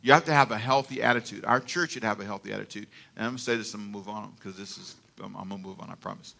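A man's voice: lowish voice, fast, vocal fry. An older man preaching a sermon as pastor, telling stories with laughs and calling for amens from the congregation. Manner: animated storytelling with laughs and call-and-response. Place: church sanctuary.

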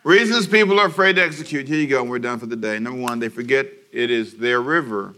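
A medium-pitched man with a quick pace and sharp tone delivers an energetic sermon, broadcast on radio from a church service. He leans on call-and-response and acts out small scenes for his audience.

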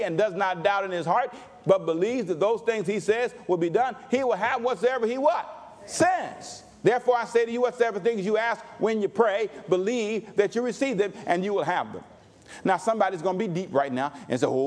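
A male pastor preaching a sermon with call-and-response, dropping to low asides and rising to shouts.

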